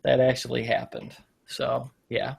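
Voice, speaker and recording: A man's voice: medium pitch, level tone, unhurried, gravelly, breathy edge. A man hosting a casual comedy show, rambling through jokey stories and often losing track of his point. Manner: rambling, self-deprecating, loses his point. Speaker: podcast host.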